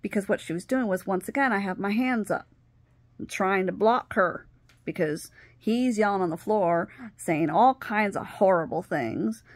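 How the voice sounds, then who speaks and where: A middle-aged woman telling a personal story on her video channel, animated, acting out what others said and sometimes dropping to a whisper. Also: mid-range voice, no echo. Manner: animated, acts out quoted dialogue, drops to whispers. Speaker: vlogger.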